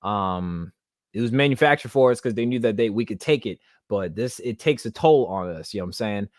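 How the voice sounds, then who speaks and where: A man's voice: fairly low pitch, lively intonation, fairly quick, no echo, studio quality. Rambling emotional young man podcasting. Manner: rambling, many restarts and fillers; emotional, holding back tears. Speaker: podcast host. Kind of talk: casual monologue.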